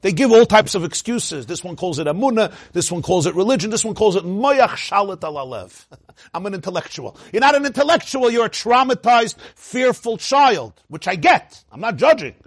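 A high-pitched man with a husky edge lectures as a Torah teacher, firing rhetorical questions and breaking into laughs. The sound is dry and close, with little room around it. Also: sing-song, normal speed, hardly any pauses, no room sound.

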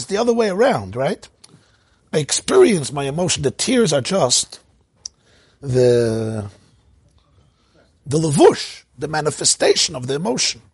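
A man with a very husky, rough voice gives an informal Torah talk, chatty and laughing as he explains, dropping Hebrew and Yiddish words. The recording is dry and close, with no room sound. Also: a little high, measured pace, pauses often, no room sound. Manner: lively storytelling, laughs often, sprinkles Hebrew and Yiddish terms. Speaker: rabbi teaching.

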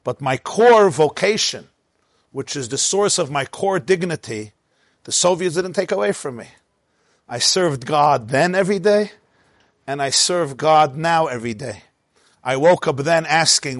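A man telling a story in an animated way, mixing in Hebrew and Yiddish words as he speaks. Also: on the high side, moderate pace, no room sound, clean studio sound. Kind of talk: storytelling talk.

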